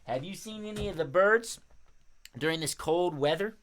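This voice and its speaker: A man hosting a live children's music show, chatting casually and giving shout-outs to young viewers. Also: sits high, normal speed. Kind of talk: casual live-stream chat for kids.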